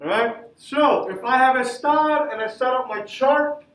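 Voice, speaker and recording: A man's voice: very high voice, a little slow, fairly bright tone. A man teaching Spanish grammar to a class, asking the students questions and answering them himself. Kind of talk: classroom lesson. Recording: echoey classroom from far off.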